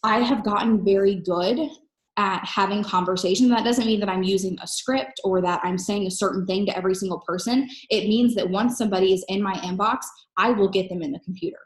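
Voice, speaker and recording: A woman coaching network marketers in an energetic, emphatic solo talk, recorded at home in her kitchen. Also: mid-range voice, echoey room. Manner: energetic, emphatic, fast-talking.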